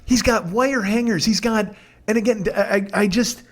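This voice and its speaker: A man's voice: high voice, normal speed. A man in his forties hosting a comedy podcast, telling a story in a rambling, profane and incredulous rant that is full of restarts. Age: 40s.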